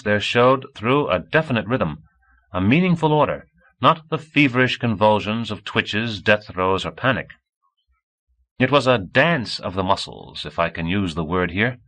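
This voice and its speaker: A man reading a translated novel aloud as an audiobook narrator, measured and expressive. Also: on the low side. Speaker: audiobook reader. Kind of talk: scripted narration. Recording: 1984 cassette audiobook.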